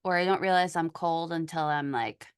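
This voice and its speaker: A woman hosting a podcast, chatting casually in a relaxed, halting way with frequent restarts. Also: low-pitched, clean tone. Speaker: podcast host. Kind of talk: casual conversation.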